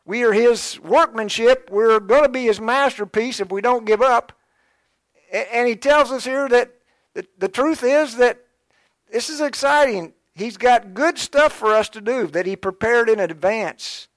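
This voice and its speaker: A man's voice: very high-pitched, a little slow, no room sound, studio quality. A male pastor preaching a sermon, fervent and exhorting, speaking directly to his congregation. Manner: fervent, exhorting, urgent early and quieter and reflective later.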